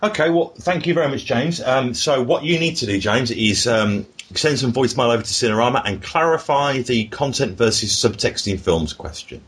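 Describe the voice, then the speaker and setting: A man hosts a casual podcast, swearing and joking as he reads out listener mail. His voice is husky and his pitch is in the mid range. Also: normal speed, few pauses, fairly bright tone. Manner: irreverent and sweary, reading out emails. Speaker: podcast host.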